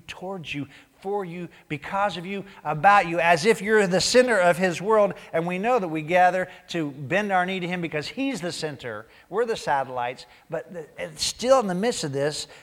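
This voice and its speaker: A pastor delivers his sermon with a voice pitched a bit high, swinging between lively acted-out asides and soft, near-whispered emphasis. The sound carries the long reverb of a large church sanctuary. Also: normal speed, hardly any pauses. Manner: animated, acts out quoted voices, drops to near-whisper for emphasis.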